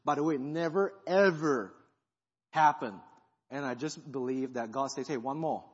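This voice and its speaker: A guest pastor, a man, giving an animated sermon testimony and acting out the thoughts he is retelling. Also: mid-range voice, normal speed, breathy edge. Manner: animated storytelling, acts out quoted thoughts. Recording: dull sound in a reverberant hall.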